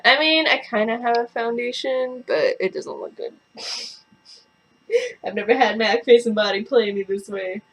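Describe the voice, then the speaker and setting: A woman's voice: fairly high pitch, moderate pace, highs cut off. Profane ranting young woman vlogger. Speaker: beauty vlogger. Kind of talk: casual makeup review.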